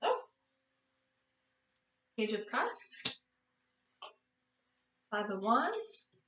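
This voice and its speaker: Tired woman tarot reader, fairly high voice, chatty and apologetic, roomy echo with the mic set back. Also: sing-song, very slow, distant mic, very noisy. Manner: chatty, apologetic, self-correcting. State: tired, yawning. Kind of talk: casual tarot reading.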